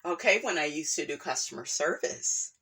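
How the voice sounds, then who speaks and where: A woman hosting a gossip commentary vlog, sassy and animated, breaking into asides and laughter. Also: low-pitched, moderate pace, husky. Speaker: commentary channel host.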